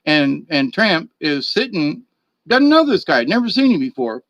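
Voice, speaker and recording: A man's voice: fairly high pitch, big pitch swings, measured pace, fairly bright tone, dry recording, lo-fi sound. A man telling a story in a casual, rambling way, chuckling and repeating words as he goes. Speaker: vlogger.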